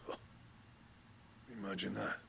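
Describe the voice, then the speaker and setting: An actor playing a gruff, stubborn older blacksmith in a video game, with a gravelly voice and a dry, grudging manner. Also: male voice, measured pace, bright, forceful tone, a little hiss or hum.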